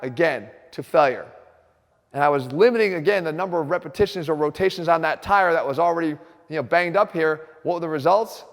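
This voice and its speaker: Brief: direct, energetic male coach, slightly high voice, long echo from the gym. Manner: direct, energetic, talks straight to viewers. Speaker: fitness coach host. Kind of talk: instructional fitness video. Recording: reverberant gym room.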